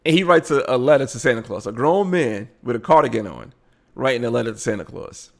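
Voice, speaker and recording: A man's voice: mid-range voice, fairly quick, gravelly. A man hosting a live show, giving blunt, casual commentary on a video he is watching. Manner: animated, blunt, frequent laughing asides.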